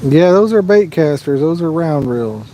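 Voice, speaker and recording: A man's voice: fairly high pitch, lively intonation, a little slow, mellow, a little hiss or hum. A Midwestern American man hosting a fishing livestream outdoors by a lake, chatting casually and answering viewers' questions. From Midwest USA.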